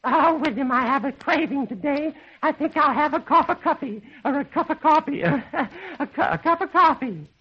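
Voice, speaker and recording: A man's voice: extremely high pitch, animated, moderate pace, pitched above the performer's own voice. A man in a radio comedy sketch voicing a scatterbrained, giggly wife who repeats herself. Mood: dithering. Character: fussy chattering wife Matilda, woman. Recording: dull old radio recording.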